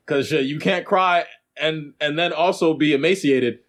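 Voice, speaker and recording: A man with a somewhat high voice co-hosts a casual podcast. He tells stories in an animated way, laughs often, and slips into acted-out voices of the people he describes. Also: normal speed. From Haitian family. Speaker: podcast co-host.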